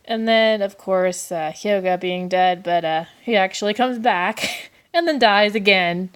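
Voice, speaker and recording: A woman's voice: mid-range voice, measured pace, clean tone. Chatty woman gushing in a casual vlog. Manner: chatty and gushing, many fillers and giggles. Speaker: anime review vlogger. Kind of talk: casual review chat.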